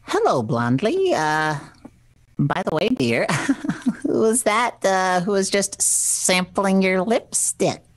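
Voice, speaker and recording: A woman reading the part of a flustered, touchy young husband in an amateur 1940s radio play reading. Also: medium pitch. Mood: casual. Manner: huffy, excitable, quick to bluster.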